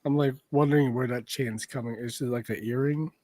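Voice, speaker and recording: A man's voice: mid-range voice, fairly even intonation, fairly quick, warm tone, dry recording. A man co-hosting a casual podcast while drawing, teasing his friends and drifting into mumbled asides. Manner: joking, teasing, trails off into asides. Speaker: podcast co-host.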